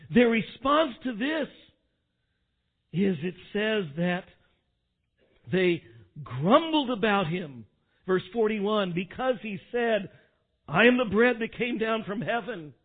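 A male pastor preaching a sermon, swinging from quiet asides to loud, dramatic quotations. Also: high-pitched, lively intonation, takes it slowly. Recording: tinny phone-like sound.

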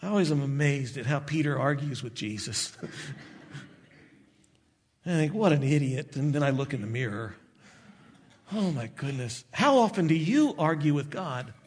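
A man preaching a sermon, expressive and slowing down for emphasis. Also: on the high side, breathy edge. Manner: expressive preaching, acts out disciples' voices, slows for emphasis. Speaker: pastor.

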